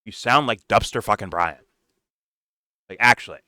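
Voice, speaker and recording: A man's voice: lowish voice, moderate pace, pushed and bright, no room sound, studio quality. A man co-hosting a casual political commentary show, talking bluntly and sarcastically with frequent swearing. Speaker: podcast co-host.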